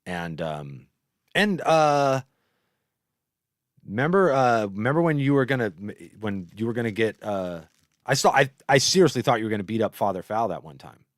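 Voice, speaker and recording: A show host tells stories in a casual, rambling monologue, profane and animated. His voice is fairly low in pitch at a moderate pace, and the studio-quality recording has no echo.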